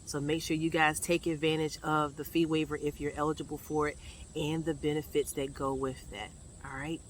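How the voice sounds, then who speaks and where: A woman school counselor speaking in a whispered role-play, hushed and confiding as she shares a tip. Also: low voice, flat delivery, normal speed, a little hiss or hum.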